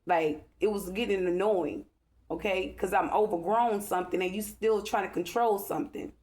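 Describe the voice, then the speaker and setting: Addressing her viewers directly, a vlogger launches into an angry, rambling monologue that is agitated, profane, and repetitive. Her mid-range voice is slightly mellow and moves at a moderate pace.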